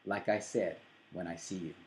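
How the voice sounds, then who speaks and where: A man's voice: deep voice, steady tone, normal speed, darkish tone, roomy sound, pitched below the performer's own voice, lightly acted. A man reading the lines of a cocky, vain young male model in a curt, dismissive tone.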